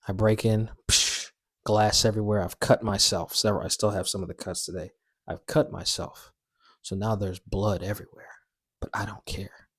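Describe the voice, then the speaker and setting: A young man telling a story-time tale in a casual, animated, slangy and self-mocking way. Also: fairly low pitch, husky, no echo, studio quality.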